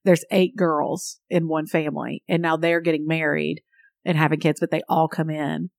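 A woman's voice: sits low, little pitch movement, gravelly, no room sound. A chatty woman hosts, teasing her guests. The sound is dry and close, with no room around it. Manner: chatty, teasing, quick to laugh. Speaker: podcast host. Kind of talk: casual chat.

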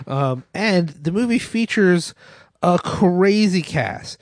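A man co-hosting a film podcast, telling stories in an excitable, animated way and swearing freely. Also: high-pitched, takes it slowly, no room sound, studio quality. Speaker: podcast co-host. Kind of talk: casual film discussion.

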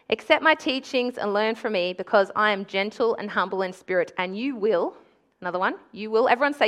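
A young woman giving an animated, conversational sermon with call-and-response in a church. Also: mid-range voice, brisk. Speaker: preacher.

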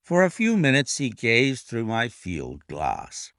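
A man narrating a classic detective story aloud with a deliberate, expressive reading. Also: medium pitch, dry recording, studio quality. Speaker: reader and annotator of classic stories.

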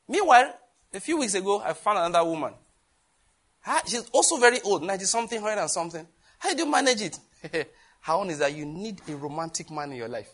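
A man preaching a sermon, lively, with laughter and questions thrown to the congregation. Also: high voice, fast, slight background noise. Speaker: pastor.

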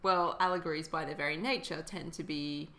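A woman's voice: low voice, steady tone, a little fast, fairly bright tone. A woman co-hosting a podcast as the expert, making dry and wry remarks in casual conversation. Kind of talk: casual conversational history chat.

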